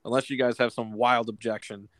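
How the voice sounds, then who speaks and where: A man's voice: mid-range voice, flat delivery, brisk, fairly bright tone, no echo. A man hosting a podcast in casual chat, steering the talk from topic to topic. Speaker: podcast host.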